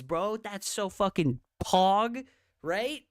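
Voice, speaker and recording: A woman's voice: deep voice, lively intonation, takes it slowly, no room sound, studio quality. A woman game streamer on a livestream, ranting in a profane, exasperated, mocking way and repeating her jabs. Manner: mocking, repetitive. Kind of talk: livestream rant.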